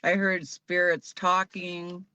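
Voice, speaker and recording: A woman's voice: fairly low pitch, little pitch movement, slow pace, sharp tone, clean tone. A woman who works as a medium, a guest on a podcast, telling her own stories in a chatty way with little laughs. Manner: chatty, laughs between sentences. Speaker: medium and paranormal investigator guest. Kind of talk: casual storytelling. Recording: dull lo-fi sound.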